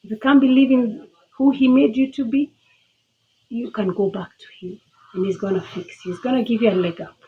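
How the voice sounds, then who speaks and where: A woman's voice: fairly high pitch, fairly even intonation, normal speed, lo-fi sound, slight background noise. A woman with a Kenyan accent giving an earnest, faith-filled personal testimony in a motivational tone.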